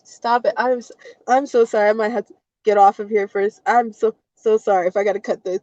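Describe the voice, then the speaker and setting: A woman's voice: mid-range voice, fairly even intonation, brisk, darkish tone, dry recording. A woman guest crying and short of breath in a car, apologizing and laughing through her tears on a phone call. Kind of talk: emotional live-stream conversation. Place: inside a parked car.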